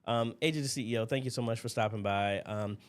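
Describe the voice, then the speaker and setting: A man's voice: medium pitch, quick pace. A man hosting a casual livestream Q&A from his desk, rambling and chatty as he greets viewers by name. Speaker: livestream host. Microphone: desk mic at a computer.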